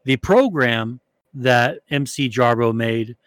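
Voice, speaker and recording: A man's voice: medium pitch, slow, a bit bright, no echo. Rambling, swearing male podcast co-host. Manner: rambling, profane, many fillers and restarts. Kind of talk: casual chat.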